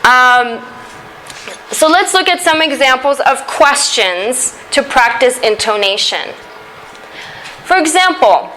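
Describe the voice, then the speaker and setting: A woman teaching an English grammar lesson, explaining step by step with a slow, deliberate delivery and occasional fillers. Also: sits high, very animated, bright, forceful tone, a little hiss or hum, rough recording.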